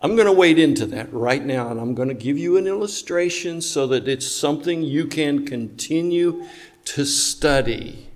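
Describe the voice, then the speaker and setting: A man's voice: on the high side, lively intonation, moderate pace. A man preaching a sermon to a church congregation, emphatic, asking rhetorical questions and talking back and forth with listeners.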